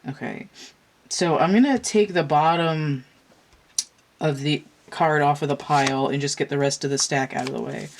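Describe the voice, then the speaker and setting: Brief: woman card reader, unusually low voice, chatty and rambling, stuffed-up from a cold. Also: normal speed, gravelly, a little hiss or hum. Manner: rambling, chatty, with many fillers and restarts. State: congested from a cold. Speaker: tarot and oracle card reader. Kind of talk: casual chat while doing a card reading.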